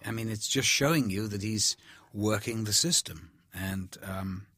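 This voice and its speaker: A man, an actor commenting on a film, telling candid stories in an animated, chatty way. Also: lowish voice, a little slow, no echo. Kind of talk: film commentary, anecdotal chat.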